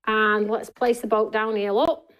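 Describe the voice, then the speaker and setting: A woman hosts a live papercraft demonstration from an indoor studio. She talks chattily and directly to her viewers, narrating each step as she goes. Her voice sits at an ordinary middle pitch for a woman. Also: level tone, a little slow, a bit bright, smooth. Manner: chatty, talks to viewers and reads their comments. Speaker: craft show host.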